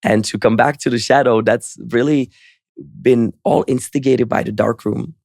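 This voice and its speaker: Podcast guest, man, gravelly voice, earnest reflective delivery, dry close mic. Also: medium pitch, fairly even intonation, normal speed, a little mellow, dry recording. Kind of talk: storytelling interview answer.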